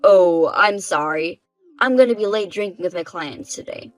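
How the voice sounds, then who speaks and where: A woman's voice: lowish voice, normal speed, faint music behind, close to an everyday voice, poor audio. Woman voicing a selfish, dismissive husband. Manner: dismissive, self-justifying. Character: defensive, selfish husband, man.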